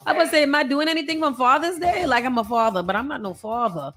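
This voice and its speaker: A woman's voice: sits high, fairly bright tone. A young woman hosting a morning radio show, chatting casually and joking with her co-hosts. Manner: chatty, playful, quick to joke.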